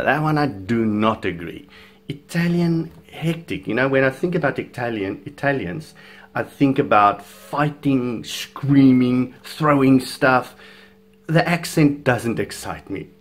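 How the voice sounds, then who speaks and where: A South African man whose first language is Afrikaans, giving chatty, opinionated video commentary with frequent chuckles. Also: mid-range voice. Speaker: fitness vlogger.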